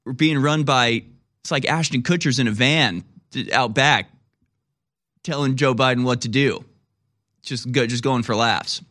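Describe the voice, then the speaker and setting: A male host delivering political commentary with heavy sarcasm, rambling through asides and jokes. His voice sits at an ordinary mid pitch for a man, neither high nor low. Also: moderate pace, fairly bright tone.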